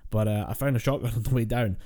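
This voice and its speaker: Male podcast co-host, mellow timbre, rambling casual storyteller who swears and laughs. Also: lowish voice, fast. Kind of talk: casual gaming chat.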